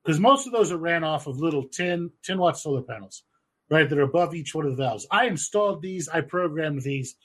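Husky man in profane, animated chat. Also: a little high, a little fast. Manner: profane, animated, rambling with fillers. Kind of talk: casual chat.

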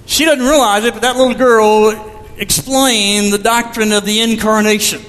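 A man preaching a sermon as pastor, with a measured storytelling manner, recorded in a church sanctuary. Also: high-pitched, fairly even intonation, fairly bright tone, long reverb tail.

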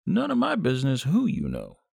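A man's voice: medium pitch, huge pitch swings, brisk, gravelly, a little mellow, husky, dry recording, voice pushed up, heavily acted. A man voicing an easygoing male bartender with a dry, offhand manner.

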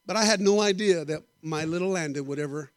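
A middle-aged man preaching a sermon, telling animated stories and joking with the congregation. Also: fairly high pitch, quick pace, no echo. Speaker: guest preacher. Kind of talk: storytelling sermon.

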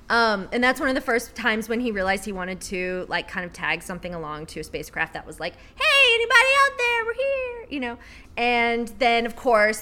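Woman chatting loosely, lots of ums and likes, bright voice, bit high. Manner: rambling, swears casually, lots of fillers. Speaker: podcast co-host. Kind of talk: casual chat, reading a book passage aloud.

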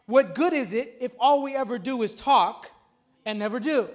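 Male pastor, thirties, very high voice; casual sermon that builds by repetition, small church. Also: normal speed. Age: 30s. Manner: casual, repeats himself, builds to emphatic points. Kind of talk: conversational sermon.

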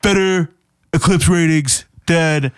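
A man's voice: a little high, takes it slowly, smooth, dry recording, studio quality, voice pushed up. A man doing a comic impression of a boastful male president, repeating superlatives and bragging.

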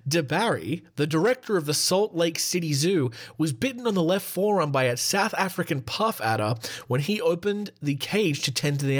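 Giggly man reading a podcast list. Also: on the high side. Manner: giggly, irreverent, self-interrupting. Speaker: podcast host. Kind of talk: casual solo podcast reading.

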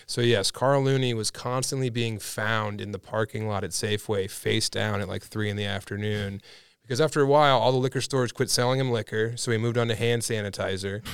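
A man, a comedian guest, telling animated anecdotes in casual podcast chat and laughing through his own punchlines. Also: on the low side, fairly quick, slight background noise.

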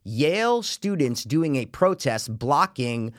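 A man telling a story in casual chat, profane and animated, loudly acting out what people said. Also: a little high, slow, dry recording, clean studio sound. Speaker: podcast co-host telling a story.

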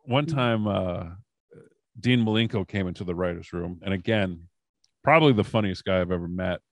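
A man who is a comedian and former wrestling writer, telling animated backstage anecdotes in a casual podcast chat. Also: low voice, normal speed, no echo. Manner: animated anecdotes, frequent fillers.

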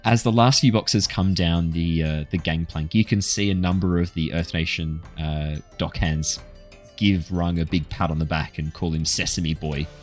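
A man narrating as game master in a tabletop game, relaxed and rambling, with fillers. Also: deep voice, normal speed, soft background music.

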